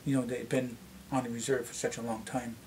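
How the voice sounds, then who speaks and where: A middle-aged man with a Canadian accent and a slightly deep voice, chatting casually to camera and rambling with many restarts. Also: level tone, a little fast, a little mellow, slight background noise. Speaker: vlogger.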